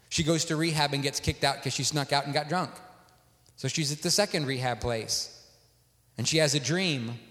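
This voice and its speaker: Male preacher, sermon, animated storytelling, fairly high voice, long hall reverb. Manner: storytelling, animated, acts out dialogue.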